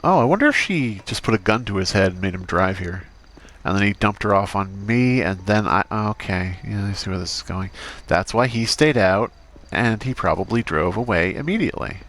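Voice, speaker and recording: Dry, sarcastic man, low voice. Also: animated, moderate pace, fairly bright tone. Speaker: streamer playing a doctor character. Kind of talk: in-character roleplay chat.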